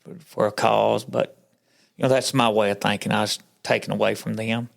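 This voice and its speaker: A man's voice: on the low side, flat delivery, moderate pace, creaky. A man as a podcast guest, telling his faith story in casual chat like a folksy storyteller who acts out what other people said.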